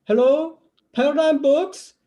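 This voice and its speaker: A man doing a high, stammering foreign grad student in a put-on accent, pleading and apologetic on a phone call, improv acting over video chat. He sounds polite but rattled. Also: steady tone, measured pace, mellow. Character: flustered foreign male graduate student caller.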